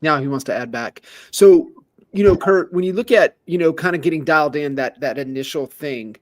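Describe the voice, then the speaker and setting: A man's voice: fairly high pitch, a little fast. A man hosting a podcast who asks a guest long, loose, conversational questions. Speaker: podcast host. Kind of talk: interview questions.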